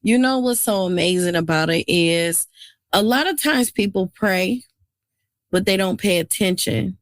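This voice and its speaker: A woman's voice: mid-range voice, a little slow, dry recording, clean studio sound. A woman hosting a podcast interview, speaking earnestly and affirmingly about faith and blessings. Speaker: podcast host. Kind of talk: casual interview.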